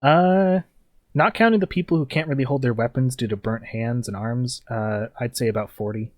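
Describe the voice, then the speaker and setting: A young man running a tabletop game, describing each scene in a loose, rambling way that is packed with fillers. His voice sits at a middle pitch, and the recording is close and dry. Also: moderate pace, no echo. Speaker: game master.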